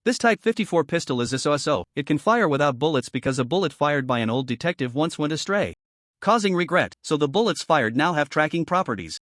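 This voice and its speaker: A man voicing a composed, gently amused young crafter of magical items. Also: a little high, expressive, a little fast, no room sound, studio quality.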